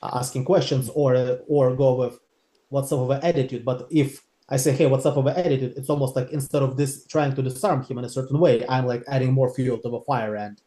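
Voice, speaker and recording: A hesitant male sales trainee who thinks out loud in a mellow, medium-pitched voice. He sounds like he is in an echoey room, a little distant from a dry, clean sound. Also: steady tone, brisk.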